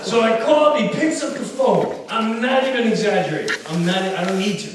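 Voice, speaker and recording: Animated guy comic on stage, laughs through it, pretty high voice, noisy room. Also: fairly quick. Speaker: stand-up comedian. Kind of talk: stand-up storytelling. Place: live concert venue stage. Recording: echoey venue, distant mic, noisy.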